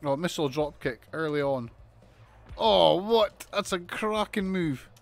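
A man commentating on a wrestling video game as he plays, excitable, swearing and shouting in disbelief. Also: a little high, unhurried, creaky. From United Kingdom. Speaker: gaming commentator.

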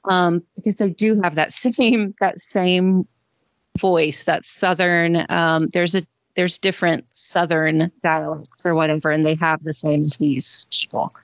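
A woman's voice: lowish voice, level tone, measured pace, dry recording. A woman co-hosting a casual podcast, chatting in a hesitant way full of ums and asides into a close mic. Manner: hesitant, chatty, many fillers. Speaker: podcast co-host.

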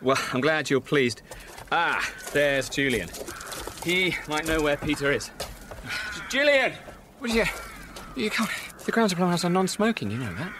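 An actor playing an eager young museum administrator in a radio sitcom, exasperated and incredulous. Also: male voice, a little high, animated, normal speed, noisy background, lightly acted. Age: young adult.

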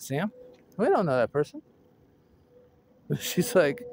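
A man vlogging casually outdoors with his dog, excitable and laughing often, his voice going hoarse. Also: fairly high pitch, a little slow. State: losing his voice. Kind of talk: casual vlog chat.

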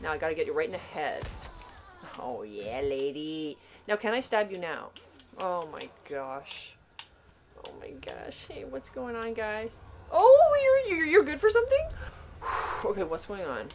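A woman giving panicky, excitable commentary while playing a video game for the first time, laughing often. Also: low voice, a little slow, background noise. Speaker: gaming channel host.

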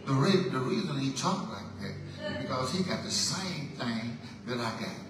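A man's voice: medium pitch, expressive, normal speed, recorded from a distance, a crowd in the background. Man testifying in an echoey hall. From Mississippi, USA. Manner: folksy, playful storytelling that swells into shouted exhortation. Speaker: gospel singer giving a testimony on stage. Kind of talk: live testimony to a church concert crowd. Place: church hall stage during a concert. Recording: echoey live hall, mic heard from afar, music behind. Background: band music playing under the talk.

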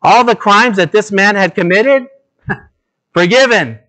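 Earnest male pastor preaching with dramatic contrasts. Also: pushed and bright. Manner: dramatic shifts between low, slow emphasis and raised, urgent appeals; earnest, direct address to listeners. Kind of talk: sermon.

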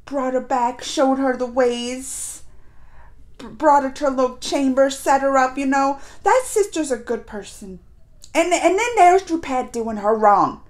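Woman reaction host, colloquial and emotional, bright high swinging voice. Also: measured pace. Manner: emotional, animated, talks back to the screen; chatty and colloquial. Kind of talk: casual reaction commentary.

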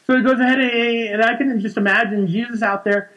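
A man's voice: high-pitched, fast, hardly any pauses, highs cut off. A man in his forties preaching a conversational sermon in a church, often repeating words and restarting sentences. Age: 40s. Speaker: pastor.

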